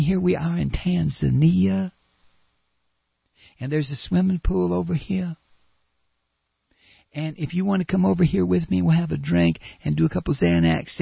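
A man impersonating a drowsy, tipsy politician's wife, talking in a slow, confiding way. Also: on the high side, creaky, husky, dry recording, muffled recording, full character voice. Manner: slow, mellow, woozy and confiding.

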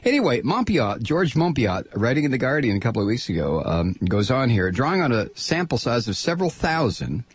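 An older man holds forth on talk radio in a combative, sarcastic monologue. His husky voice swings widely in pitch, and the studio sound is close and dry. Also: dry recording. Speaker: radio talk show host.

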